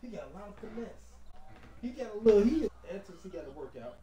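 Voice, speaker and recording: A man giving loose, slangy, excitable commentary over a basketball video game, peppering his talk with casual fillers. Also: sits high, quick pace, roomy sound. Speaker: gaming commentator.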